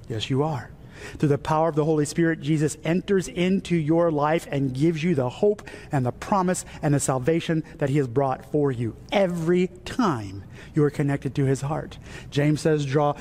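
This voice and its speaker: Fervent male pastor preaching a sermon. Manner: swells high and loud, then drops to a soft whisper. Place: church sanctuary.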